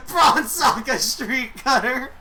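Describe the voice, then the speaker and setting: A woman giving excitable play-by-play commentary on a wrestling video game she is playing. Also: sits high, drawn-out words, heavy background noise. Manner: excitable, reacting aloud. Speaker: gaming YouTuber.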